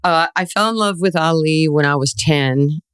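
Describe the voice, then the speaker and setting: A woman in her sixties from New York, a guest telling lively stories in an interview and acting out the voices in them. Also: low-pitched, normal speed, smooth, dry recording, clean studio sound. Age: 60s. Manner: animated storyteller, acts out quoted voices, laughs often. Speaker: guest, former basketball player. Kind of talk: storytelling interview.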